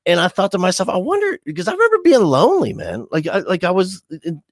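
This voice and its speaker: A man's voice: sits high, fast talker, no room sound, studio quality. A middle-aged man, an educator as podcast guest, talking casually and animatedly, with many restarts. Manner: animated, restless, full of restarts.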